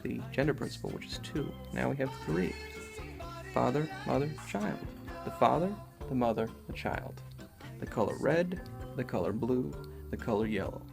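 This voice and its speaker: A man's voice: medium pitch, expressive, normal speed, gravelly, music in the background. A man giving a casual, rambling spoken lecture, talking loosely with lots of fillers. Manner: rambling, conversational, many fillers. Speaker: esoteric lecturer.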